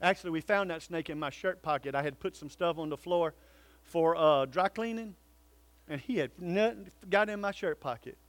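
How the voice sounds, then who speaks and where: Animated high-voiced preacher man. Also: normal speed, no echo. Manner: animated preaching, swinging from loud calls to hushed pleading. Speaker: pastor. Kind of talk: sermon.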